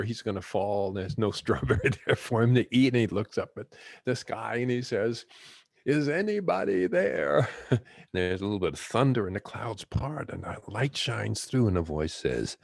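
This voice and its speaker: A man hosting a guided-imagery talk, a gentle, unhurried storyteller who chuckles as he teaches. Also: fairly low pitch, gravelly, no echo. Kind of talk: reflective talk with teaching stories.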